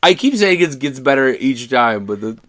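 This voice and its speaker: A man co-hosting a podcast, chatting casually about movies in an animated, swearing manner. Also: mid-range voice, moderate pace, slight background noise. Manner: animated, swears freely, quotes film lines. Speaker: podcast co-host. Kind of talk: casual movie review chat.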